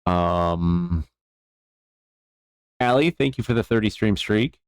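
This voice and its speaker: A man's voice: lowish voice, expressive, slow, clear, resonant tone, dry recording, clean studio sound. A man chatting casually on a live stream from his jewelry workbench, easygoing and rambling as he thanks viewers. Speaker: jeweler streaming bench work.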